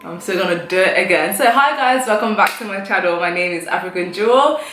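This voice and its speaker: A young woman hosting a casual online language lesson, chatty and repeating each word slowly for her viewers. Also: lowish voice, a bit bright, reverberant, poor audio. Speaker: language teacher, channel host.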